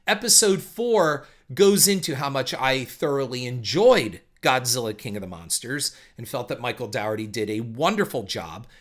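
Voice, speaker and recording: A man hosting a solo podcast, talking emphatically and opinionatedly with some fillers. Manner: opinionated and emphatic, with animated pitch swings; uses uh fillers and restarts, ranting. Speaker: podcast host.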